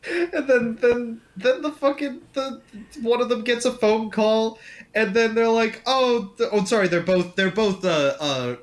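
A man with a notably high voice chats with easy enthusiasm, cursing casually as he gushes. He laughs readily. The delivery is relaxed, unscripted podcast banter. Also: a little slow. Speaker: podcast co-host reviewing sketch comedy. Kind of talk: casual chat.

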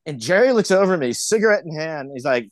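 A middle-aged man from the San Francisco Bay Area, a filmmaker guest telling lively stories in casual chat and acting out the quotes. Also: on the high side, quick pace, no echo. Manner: animated storyteller, acts out quotes.

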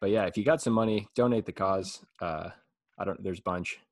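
A man hosting a comedy podcast, talking in a rambling, halting way and laughing often between thoughts. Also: low voice. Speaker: podcast host and stand-up comedian. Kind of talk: casual podcast chat.

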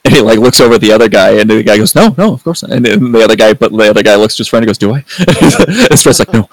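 A man's voice: lowish voice, quick pace, no echo, low-quality recording. A man hosting a podcast in casual review chat, rambling with lots of fillers and free swearing. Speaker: podcast host.

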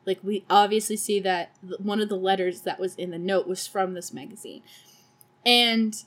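A woman's voice: mid-range voice, normal speed, a bit bright. A young woman hosting a podcast, recapping a film in a casual, sarcastic, profane way with laughing asides. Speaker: podcast host.

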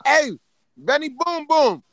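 Brash New man hosting a casual talk show, high gravelly voice, bright sound. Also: lively intonation, slow, dry recording, rough recording. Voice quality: gravelly, loud and joking. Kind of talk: casual chat. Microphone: phone app audio.

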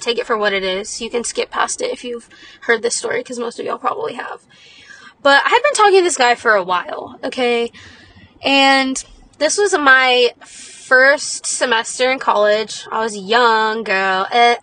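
A woman's voice: high-pitched, recorded from a distance, background noise. A young woman hosting a podcast, telling a story in a chatty, dramatic, self-deprecating way. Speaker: podcast host. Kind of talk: casual storytelling monologue.

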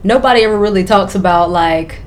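A woman's voice: medium pitch, brisk, a little hiss or hum. Young woman cohosting a podcast, laid-back and frank, laughs a lot. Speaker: podcast co-host. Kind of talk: casual chat.

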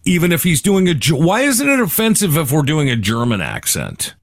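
Male podcast co-host, relaxed bro-ish delivery, animated pitch, dry close mic. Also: a little fast, no echo. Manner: laid-back, says "dude" often. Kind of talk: casual chat.

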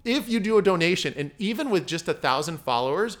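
Guy on a podcast telling a story, bit higher voice, gets animated doing other people's lines. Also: quick pace. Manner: animated, acts out voices in anecdotes. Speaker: podcast guest, mindset coach. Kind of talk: casual storytelling.

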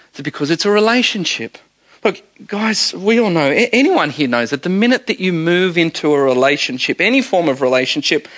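Bright, lively male pastor preaching. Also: on the high side. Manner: conversational, animated preaching with humor. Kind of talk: sermon.

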